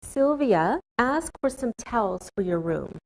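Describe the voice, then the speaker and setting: A woman teaching English in a scripted classroom lesson, speaking slowly and carefully with clear enunciation. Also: on the high side, very animated, low-quality recording.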